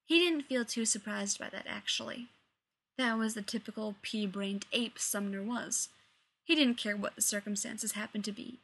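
A woman reading fiction aloud in a lively, expressive narrating voice. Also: a little high, creaky, breathy edge. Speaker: story reader.

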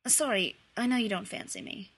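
A brash teenage boy wizard, hopelessly smitten, as a woman reading a story puts him on. The voice is husky and sits fairly high. He blurts out loud, exasperated lines in a storybook reading. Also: brisk. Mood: flustered.

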